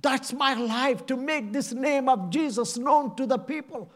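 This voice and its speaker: A man's voice: very high voice, a little slow. A middle-aged man from India, preaching a passionate, pleading sermon full of repeated phrases. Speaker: evangelist preacher.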